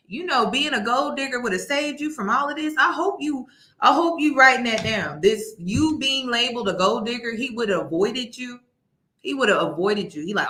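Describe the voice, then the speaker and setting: A woman hosting a reaction commentary, animated, laughing and restarting her sentences. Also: fairly high pitch, moderate pace, echoey room. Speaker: commentary host.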